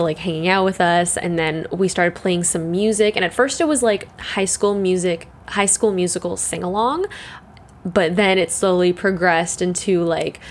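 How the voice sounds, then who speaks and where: A young woman, hosting a casual solo chat, rambling with lots of "like", swearing and laughing. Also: fairly low pitch. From Canada.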